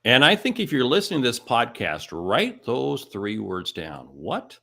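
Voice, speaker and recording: A man's voice: mid-range voice, huge pitch swings, a little slow, gravelly, sharp tone. A man hosting a sales podcast, enthusiastic, and he repeats phrases for emphasis. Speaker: podcast host. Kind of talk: interview hosting.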